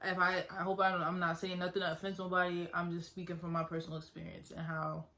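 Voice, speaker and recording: Earnest young woman with a bright voice. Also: fairly low pitch, level tone, fast talker. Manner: earnest, conversational, repeats herself. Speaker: vlogger. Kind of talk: personal storytelling vlog.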